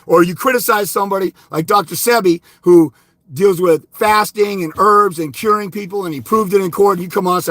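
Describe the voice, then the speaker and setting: A middle-aged man ranting angrily on a livestream, hurling insults and breaking into shouts as he answers viewer comments. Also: high-pitched, fairly quick, no room sound. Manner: angry, insulting, shouting bursts. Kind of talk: angry livestream rant.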